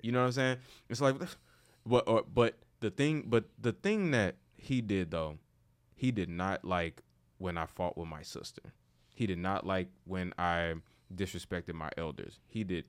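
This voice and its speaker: Deep-voiced man telling stories, slangy. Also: a little slow, clear, resonant tone. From St. Louis, USA. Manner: loose and slangy, swings into animated storytelling. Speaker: podcast host. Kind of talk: casual conversation.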